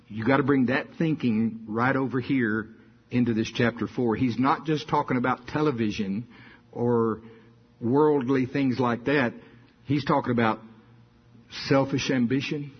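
An older man delivers a sermon with a folksy, storytelling touch that swells into emphatic bursts. His voice is husky, and the recording sounds dull and lo-fi. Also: medium pitch, unhurried. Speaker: preacher.

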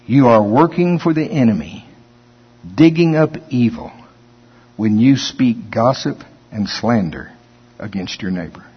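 A man pastor preaching a sermon in a church, reading scripture slowly and then commenting on it in a folksy, conversational way. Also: mid-range voice, animated, breathy edge. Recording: long hall reverb, dull lo-fi sound.

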